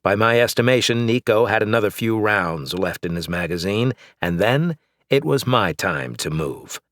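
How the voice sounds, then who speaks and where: A man narrating an action novel in first person, in a steady, measured way. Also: lowish voice, no echo, clean studio sound. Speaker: audiobook narrator.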